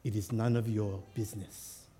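Pastor playing unbending stranger, low, quiet, slow flat delivery. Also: male voice, natural voice. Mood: cold. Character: stone-cold local man, calm, formal, unbending.

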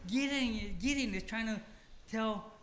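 A man's voice: high voice, measured pace, a bit bright. A male pastor with a Hawaiian Pidgin English accent, preaching a humorous, emphatic, self-deprecating sermon. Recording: roomy hall with faint ambience.

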